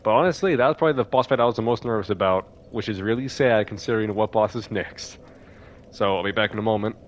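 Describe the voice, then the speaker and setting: A man's voice: on the low side, quick pace, a little hiss or hum. A man giving casual commentary as he plays a video game, chatty and thinking aloud as he reacts to the game. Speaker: let's play host.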